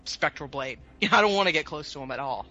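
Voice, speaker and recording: A woman's voice: sits low, lively intonation, brisk, lo-fi sound. A woman co-hosting a gaming podcast, chatty and laughing, thinking aloud as she gives advice. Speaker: podcast co-host. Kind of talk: casual chat.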